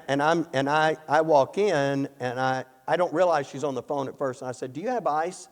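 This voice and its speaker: Earnest Texan preacher telling a story. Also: male voice, mid-range voice. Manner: earnest, storytelling, repeats words when restarting. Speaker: Bible teacher. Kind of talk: sermon with personal story. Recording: long reverb in a hall.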